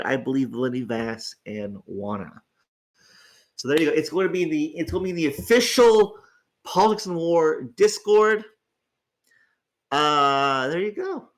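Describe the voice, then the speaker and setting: A man's voice: fairly high pitch, a bit bright. A tired, groggy man hosting a casual livestream, rambling, stammering on restarts and swearing freely. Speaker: host.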